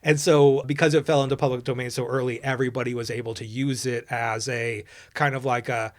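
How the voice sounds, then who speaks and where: A man's voice: medium pitch, flat delivery, fairly quick. A young man co-hosting a podcast, recapping a movie in casual chat with a wry, profane manner. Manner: wry, profane, lapses into mock quoting. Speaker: podcast co-host.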